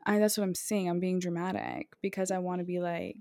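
A young woman in her twenties co-hosting a podcast, chatting casually and telling animated stories full of "like". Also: fairly low pitch, fairly quick, gravelly. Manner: chatty storyteller, animated, heavy on 'like'. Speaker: podcast co-host. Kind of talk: casual chat.

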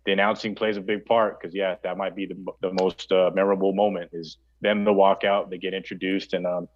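A man's voice: sits low, little pitch movement, fairly quick. A man from New Mexico hosting a podcast, rambling in casual chat with lots of fillers. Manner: rambling, with frequent fillers and restarts. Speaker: podcast host. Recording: dull lo-fi audio.

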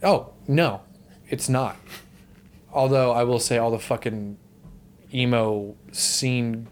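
A man's voice: mid-range voice, steady tone, slow, a little hiss or hum. A young man co-hosting a casual movie podcast, rambling and swearing freely. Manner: rambling, swears, laughs often. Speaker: podcast co-host.

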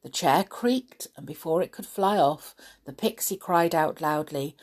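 A woman reading a children's story aloud, expressive, with dramatic hushes and gasps. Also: deep voice, measured pace, hardly any pauses.

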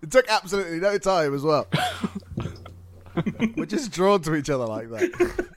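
A man's voice: fairly high pitch, very animated, unhurried. Giggly, playful man at a game table. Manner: playful, giggly, self-mocking. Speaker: player. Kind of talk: tabletop role-play chat.

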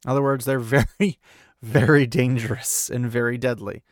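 A man's voice: medium pitch, fairly even intonation, moderate pace, no echo, studio quality. A young man casually recapping a book chapter, chatty, paraphrasing the characters and laughing at his own slips. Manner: chatty, paraphrases with "he's like", self-corrects and laughs. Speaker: podcast host recapping a book. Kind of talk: casual book recap with read-aloud quotes.

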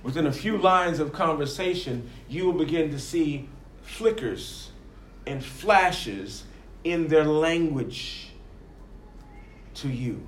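A man preaching with a fairly high voice, swinging between loud emphatic bursts and quiet asides. He acts out the voices he quotes as he goes. The sound is roomy and echoey. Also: lively intonation, takes it slowly, a little hiss or hum. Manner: rising and falling emphatically, acting out quoted voices. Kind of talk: sermon.

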